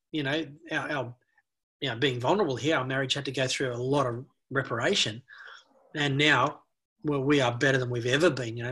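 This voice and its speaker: A man's voice: fairly high pitch, a bit bright, breathy edge. A middle-aged man from Australia, an anti-bullying expert speaking as a guest in a conversational interview, earnest and given to storytelling. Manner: earnest, storytelling, repeats words while thinking.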